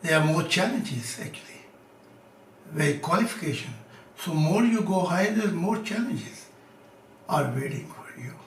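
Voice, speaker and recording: A high-voiced man talks slowly and insistently in broken English while answering questions from his audience. He is far from the microphone in an echoey room, and a faint hum sits underneath. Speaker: spiritual teacher answering questions. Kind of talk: live question-and-answer talk. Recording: echoey room, mic at a distance.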